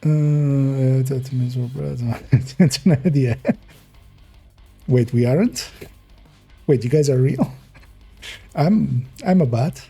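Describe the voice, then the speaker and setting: A man's voice: medium pitch, slow, creaky, long pauses, mellow, husky, faint music behind. A man streaming a game, rambling casually as he plays, chuckling often and correcting himself mid-thought. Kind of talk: casual gameplay commentary.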